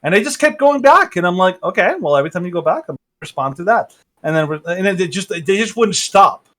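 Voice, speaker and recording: A man co-hosting a podcast, chatting casually, animated and laughing, with frequent stammered restarts. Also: high-pitched, quick pace. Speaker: podcast co-host. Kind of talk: casual political chat.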